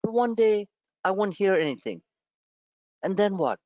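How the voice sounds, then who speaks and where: A man's voice: high voice, sing-song, unhurried, darkish tone, no echo. A man hosting a live stock-trading webinar, talking in an emotional, impassioned and blunt way, with some swearing. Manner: impassioned, emotional motivational rant. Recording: dull, dry lo-fi webinar audio.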